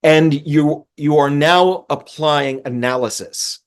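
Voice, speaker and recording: A man's voice: on the high side, takes it slowly. Earnest man coaching on emotions. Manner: earnest, repeats words as he restarts. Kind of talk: talking-head coaching lesson.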